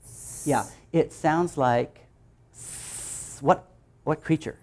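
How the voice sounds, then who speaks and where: Give me a man presenting a phonics workshop to teachers, lively and demonstrative. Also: fairly high pitch, takes it slowly. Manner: lively, demonstrates letter sounds aloud. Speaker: teacher trainer.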